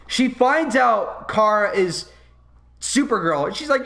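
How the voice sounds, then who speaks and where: Podcast host, male, high-pitched, heated swearing rants. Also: lively intonation, slow, creaky, sharp tone. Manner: heated, swearing, ranting and acting out scenes. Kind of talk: casual podcast rant.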